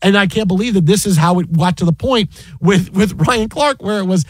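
Fast-talking exasperated man, high voice. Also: dry recording. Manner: animated, exasperated retelling with many restarts. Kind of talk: casual storytelling chat.

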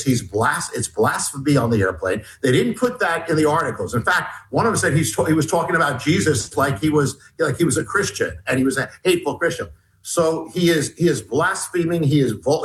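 Man, slightly high-pitched, rambling, halting restarts, interview guest, animated storytelling. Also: rough recording. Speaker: author and guest.

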